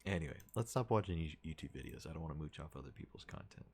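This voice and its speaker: A man's voice: very deep voice, expressive, fast, gravelly, a little mellow, breathy edge. A man streaming and chatting casually with his viewers, rambling and restarting his sentences with little chuckles.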